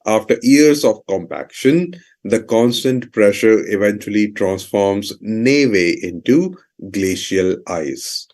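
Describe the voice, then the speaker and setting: A man's voice: fairly low pitch, a little mellow. A man teaching vocabulary, explaining each word's meaning and repeating definitions and example sentences with fillers like "you know".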